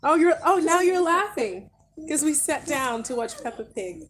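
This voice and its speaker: A tired mother chatting casually on her vlog while soothing her baby, talking to him in a gentle sing-song way. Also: high-pitched, animated, normal speed, slight background noise. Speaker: mother vlogger.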